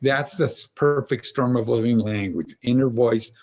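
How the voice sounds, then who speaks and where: A man's voice: medium pitch, moderate pace, darkish tone, lo-fi sound. A man as a podcast guest and executive coach, talking in an earnest, meandering way and explaining his ideas through everyday examples. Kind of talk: reflective conversational storytelling.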